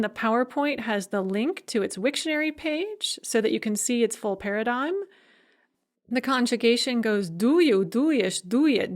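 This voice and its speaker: A woman university lecturer explaining grammar in a recorded lecture, reading example sentences aloud and then translating them. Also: mid-range voice.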